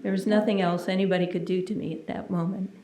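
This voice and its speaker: A woman minister giving a sermon as a personal testimony. She tells it in an earnest, intimate way and sometimes drops to a hushed near-whisper. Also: lowish voice, steady tone, quick pace, noisy background. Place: church sanctuary. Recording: roomy, echoey sound.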